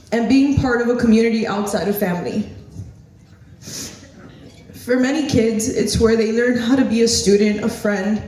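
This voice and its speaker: A woman's voice: a little high, darkish tone. A woman in her thirties, from the Miami area, gives an earnest, tearful tribute speech to her former kindergarten teacher. She laughs nervously as she talks. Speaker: former student giving a speech. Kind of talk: emotional tribute speech, partly read. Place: hotel banquet hall. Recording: very echoey hall, voice picked up from far off.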